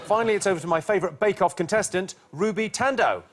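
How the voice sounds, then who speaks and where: A man hosting a comedy quiz, delivering scripted deadpan one-liners in a TV studio. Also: sits high, fast, a crowd in the background, noisy background. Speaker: quiz host. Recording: TV studio with audience laughter. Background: studio audience laughing.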